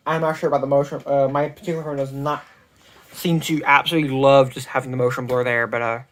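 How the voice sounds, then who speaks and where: A tech reviewer giving a casual product review, recorded on a phone, talking in a rambling, halting way with many restarts and self-corrections. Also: medium pitch, level tone. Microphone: phone mic.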